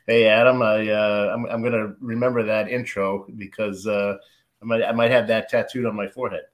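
A man from Massachusetts, a sports insider co-hosting a podcast, who talks in a halting way and often repeats himself as he chats casually. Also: on the low side, level tone. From Lynn, Massachusetts. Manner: halting, self-interrupting. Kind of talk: casual chat.

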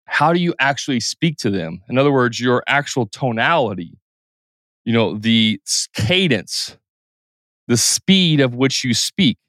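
A man hosting a solo podcast in an easygoing, unscripted way. His voice sits at an ordinary pitch. He often stretches his pace fast or slow to make a point. The recording is close and dry. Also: lively intonation, fairly bright tone, no echo. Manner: shifts pace and pitch to illustrate, with quick impressions. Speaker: podcast host. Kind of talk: casual solo podcast talk.

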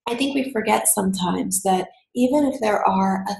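A woman's voice: mid-range voice, moderate pace, vocal fry, darkish tone, echoey room, rough recording. A woman podcast host in a candid conversation, a supportive and reflective listener.

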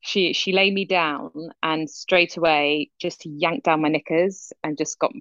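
A middle-aged woman, co-hosting a casual chat and telling stories with lively quoted voices. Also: deep voice, measured pace, no room sound, highs cut off. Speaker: podcast co-host.

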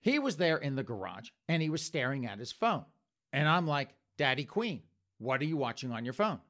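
A man's voice: medium pitch, sing-song, moderate pace, fairly bright tone. A man voicing a sleazy, defensive man who makes flustered, indignant excuses.

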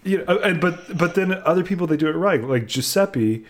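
A man's voice: on the high side, expressive, normal speed. A man in casual conversation, co-hosting a chat about a game. He rambles and sounds exasperated, with the odd laugh breaking through. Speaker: podcast co-host.

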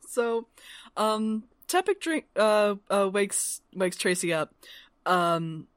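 A woman co-hosting a casual book-club podcast, her pitch swinging widely as she retells scenes and slips into the characters' lines. She laughs easily and often. Her voice sounds dry and close, with no room sound around it. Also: expressive, very slow, dry recording. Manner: laughs often, recaps the plot with acted-out dialogue. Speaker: podcast co-host.

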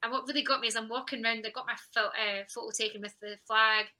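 A woman athlete in her thirties tells her story as a podcast guest, candid and reflective, often laughing and quoting her own thoughts. Her fairly high voice is pushed and bright, fast and fairly even in intonation. The audio is poor.

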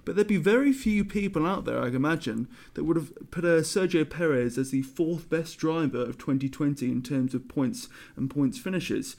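A man's voice: fairly high pitch, lively intonation, moderate pace, creaky, hardly any pauses, a little mellow. A man on a podcast panel, making his case and teasing the others in a wry, casual way.

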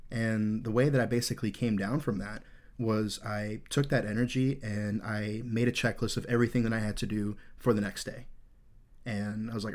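A man's voice: fairly low pitch, steady tone, moderate pace, a little mellow. A man in his thirties hosting a podcast, telling a rambling, candid war story full of swearing. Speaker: podcast host.

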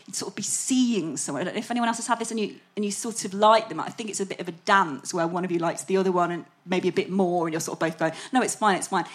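A woman's voice: fairly low pitch, quick pace, few pauses. A woman from England co-hosting a casual live chat before an audience, frank and sweary, laughing easily. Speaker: podcast co-host.

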